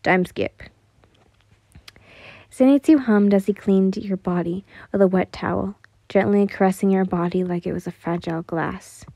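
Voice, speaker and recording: A woman reading a second-person fan fiction story aloud, then chatting casually to her listeners, soft and prone to stumbling over words. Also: medium pitch, moderate pace, dry recording.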